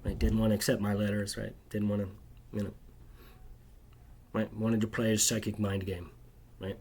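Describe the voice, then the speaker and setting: A man's voice: fairly low pitch, flat delivery, normal speed, a little mellow, slightly rough. A man telling a rambling, bitter personal story to camera, agitated and constantly tagging his sentences with "right?". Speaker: video creator.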